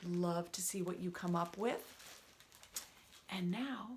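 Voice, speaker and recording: A woman librarian hosting a children's storytime, gentle and often half-whispered. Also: lowish voice, takes it slowly, background noise.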